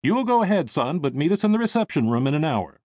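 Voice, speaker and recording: A man's voice: on the high side, big pitch swings, fast talker, a little mellow, no room sound, pitched above the performer's own voice. A man doing a jovial, well-to-do father. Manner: jovial, reassuring. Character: good-humored wealthy father, middle-aged man.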